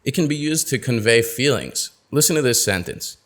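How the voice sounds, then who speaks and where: A man teaching pronunciation in a webinar, explaining and acting out example sentences in a lively, expressive way. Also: medium pitch, normal speed. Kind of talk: webinar lesson.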